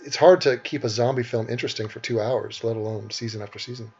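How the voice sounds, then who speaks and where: A sick man hosting casual chat in a husky voice, blunt and profane, with frequent laughter. The audio is dull and lo-fi. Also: mid-range voice, steady tone, quick pace, a little mellow.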